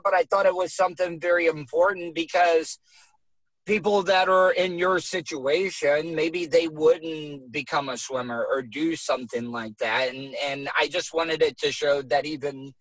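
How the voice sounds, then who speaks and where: A man's voice: a little high, normal speed, fairly bright tone, no room sound, poor audio. A man from Florida hosting a casual interview, chatty and curious, swearing casually now and then. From Florida, USA. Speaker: host.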